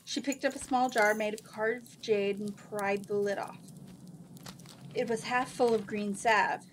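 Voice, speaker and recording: A woman reading a fantasy novel aloud in a steady, unhurried voice. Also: medium pitch, slight background noise. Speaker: reader.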